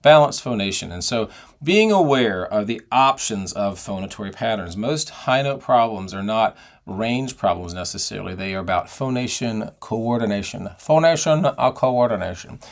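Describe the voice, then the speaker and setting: A man's voice: lowish voice, expressive, moderate pace, creaky. A middle-aged man giving a singing lesson, explaining and demonstrating vocal technique. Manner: explanatory, demonstrates sounds and sung phrases. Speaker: singing voice teacher.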